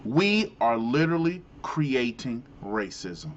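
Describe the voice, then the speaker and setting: A man's voice: medium pitch, sing-song, slow pace, lo-fi sound, a little hiss or hum. A man hosting his own show, ranting in casual commentary with incredulous, exclamatory outbursts. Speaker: show host.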